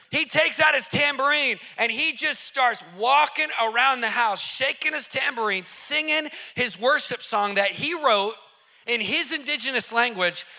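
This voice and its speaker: A man tells a dramatic story on a podcast, excitable and emphatic. His voice is very bright and ringing, and it sits high for a man. He leans hard into key words. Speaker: podcast host. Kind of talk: animated storytelling.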